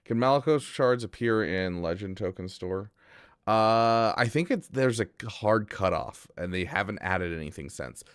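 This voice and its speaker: A man streaming a game, chatting casually with his viewers in a bemused, teasing way and getting loudly exasperated at the gameplay. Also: fairly low pitch, lively intonation, normal speed, smooth, no echo, studio quality. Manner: bemused banter with chat, rising to loud exasperation. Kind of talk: casual live-stream commentary.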